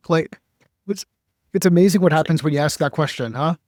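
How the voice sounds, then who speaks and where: A man's voice: on the high side, a little fast, darkish tone, no room sound. Male podcast host, casual, rambling questions, dry close sound. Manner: loose, thinking aloud, "like" fillers.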